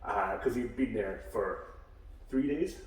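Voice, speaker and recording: A man who is a guest on a casual podcast chat over a beer, telling stories in an animated way and acting out other people's lines. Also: lowish voice, slow. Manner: animated storyteller, acts out quoted dialogue. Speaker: guest karate instructor. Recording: very echoey room, mic far off.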